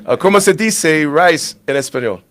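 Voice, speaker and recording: A man's voice: fairly high pitch, lively intonation, normal speed, fairly bright tone. A man hosting a live show, keeping upbeat host patter going with frequent fillers.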